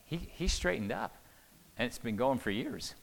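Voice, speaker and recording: A man's voice: mid-range voice, big pitch swings, moderate pace, gravelly. An older man giving a conversational church teaching on marriage, often repeating words and asking the audience questions. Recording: long hall reverb.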